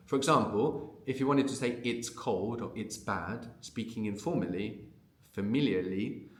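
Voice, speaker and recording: A man's voice: fairly low pitch, echoey room. A man teaching a language lesson, explaining patiently and conversationally, often checking in with a questioning "no?". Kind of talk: unscripted audio language lesson.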